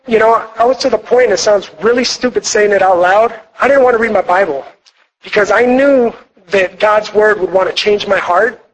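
A young man with a high-pitched voice talks at a normal pace, sharing his personal testimony with a church retreat audience at a marriage retreat. His delivery is earnest and rambling, packed with fillers and restarts, and the audio quality is poor.

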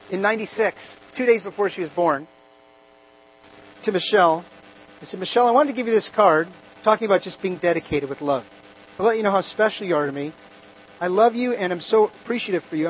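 A man in his forties preaching a sermon, telling personal stories and swinging from soft and low to loud and emphatic. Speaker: pastor. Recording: slightly dull audio with faint hum.

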